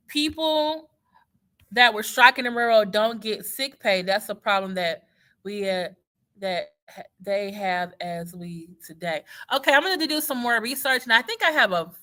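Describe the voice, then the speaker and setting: A woman from Houston with a Texas Southern accent, a teacher talking casually and sarcastically on a livestream, wandering off on tangents. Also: mid-range voice. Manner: animated, sarcastic, digressive.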